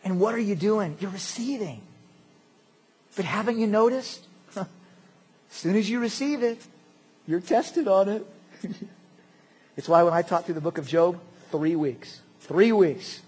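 A man preaching a sermon as pastor, animated and jokey, swinging between loud outbursts and quiet asides. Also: sits high, a little slow, pauses often, husky.

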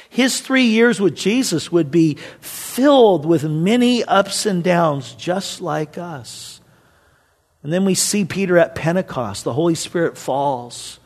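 High-voiced man preaching a sermon. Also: a little mellow. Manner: conversational, storytelling, acts out quoted voices. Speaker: pastor.

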